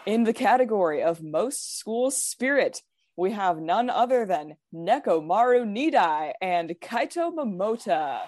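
Woman, mock-dramatic announcer read, slow and grand, very lively pitch. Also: slight background noise.

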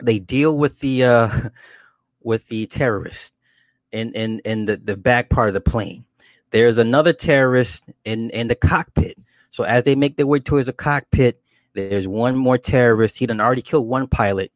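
A man's voice: mid-range voice, normal speed, dry recording. A man casually recapping a TV episode in a rambling way, repeating words and swearing. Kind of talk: casual chat.

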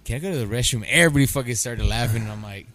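A middle-aged man co-hosting a podcast, telling animated stories in casual chat, acting out quotes and swearing freely. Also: medium pitch, racing. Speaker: podcast co-host.

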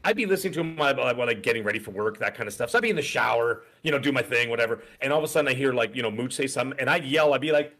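Fast-talking rambling middle-aged man. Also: mid-range voice, pushed and bright. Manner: rambling storyteller with frequent fillers. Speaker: podcast co-host. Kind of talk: casual podcast chat.

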